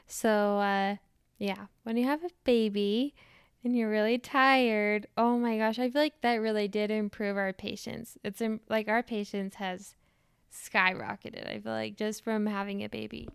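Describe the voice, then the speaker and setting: Smooth-voiced young woman podcast host. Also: medium pitch, fairly even intonation, unhurried, no echo, studio quality. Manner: chatty, many "like" fillers, laughs through story. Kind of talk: casual storytelling chat.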